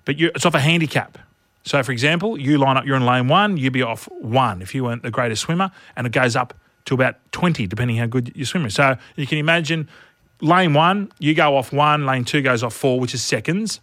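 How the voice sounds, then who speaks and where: A man's voice: medium pitch, fairly quick, no echo, studio quality. A middle-aged man co-hosting a podcast, telling a story in casual chat and laughing as he goes. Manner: animated storyteller, laughs through his lines. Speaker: podcast co-host.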